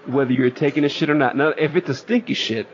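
A man's voice: medium pitch, fast talker, slight background noise. A man co-hosting a podcast, earnestly making his point in casual chat. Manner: earnest, explains a point with restarts. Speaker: podcast co-host. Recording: dull lo-fi audio.

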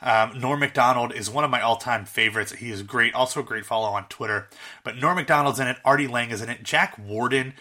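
Bright-voiced man chatting about movies. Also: mid-range voice, a little fast. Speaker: podcast co-host. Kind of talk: casual chat about comedy films.

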